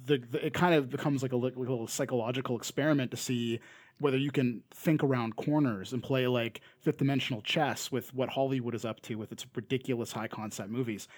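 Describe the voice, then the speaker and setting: Canadian guy, young, podcast co-host; easygoing rambler, middle pitch, dry studio sound. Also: fairly even intonation, fast talker, darkish tone, no room sound. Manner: rambling, many fillers and restarts. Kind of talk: casual chat.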